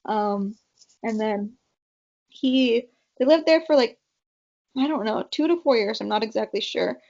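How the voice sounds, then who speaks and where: A woman's voice: a little high, a little slow, gravelly, a little mellow. A young woman from California chatting as a podcast guest, telling family stories with lots of fillers and quoted voices. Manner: chatty storyteller, quotes her parents, many fillers. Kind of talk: casual interview chat. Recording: dull lo-fi podcast audio.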